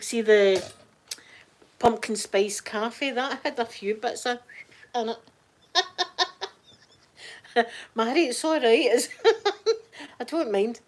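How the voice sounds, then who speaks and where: A woman's voice: a little high, expressive, takes it slowly, pauses often, a little hiss or hum. A middle-aged Scottish woman chatting casually on a live stream, greeting viewers in the chat by name. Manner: chatty, warm-hearted, reads out chat names.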